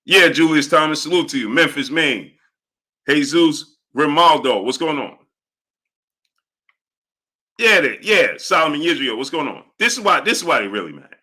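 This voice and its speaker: Guy on a live stream shouting out chat names, bright forceful voice, kinda high. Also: moderate pace, long pauses. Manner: animated, repeats catchphrases, greets viewers by name. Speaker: live-stream host reading viewer chat.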